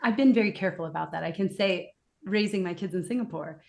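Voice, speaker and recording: A woman who is a guest expert in a casual interview, telling stories in an expressive, emphatic way. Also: medium pitch, quick pace, creaky.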